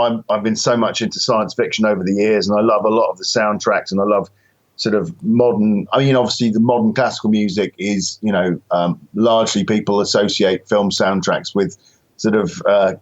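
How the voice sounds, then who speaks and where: British musician guest, low voice, muffled remote line, rambling self-deprecating talk. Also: male voice, steady tone, a little fast. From Britain. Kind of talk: casual interview chat.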